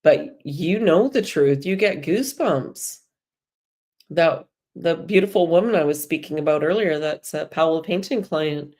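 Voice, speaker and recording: A low-voiced woman hosts a live spiritual talk for her viewers. She chats casually, drifts between stories and encouragement, and laughs easily as she goes. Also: unhurried. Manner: warm, chatty, laughs often. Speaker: host of a live spiritual energy show.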